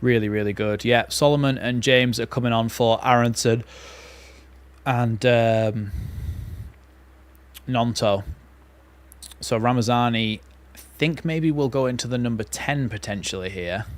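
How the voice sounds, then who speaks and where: A man hosts a live football watchalong, calling the play-by-play and reacting as an excitable fan. His voice is mid-range and his pace unhurried.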